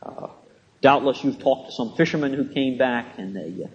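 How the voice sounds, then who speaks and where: A man giving a classroom lecture in a measured, halting way, with frequent pauses and a dry sense of humor. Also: mid-range voice, muffled recording.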